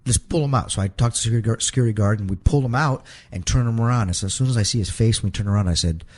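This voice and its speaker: A wrestler appearing as a guest races through a lengthy story, his husky voice slightly low and a little mellow. He trips over and repeats words, reliving every moment out loud in the interview.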